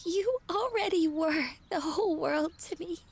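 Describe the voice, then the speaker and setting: Very high, slow tearful young florist. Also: female voice, vocal fry, heavily acted. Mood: solemn farewell. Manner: tearful, pleading. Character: young woman florist grieving her grandfather. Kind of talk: video game voice acting.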